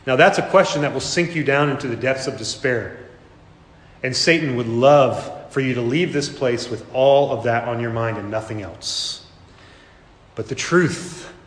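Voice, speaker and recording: A man preaching a sermon as a pastor, earnest, slowing down and repeating phrases for emphasis. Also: mid-range voice, fairly bright tone. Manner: earnest, with dramatic slow emphasis and repetition. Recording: echoey hall reverb.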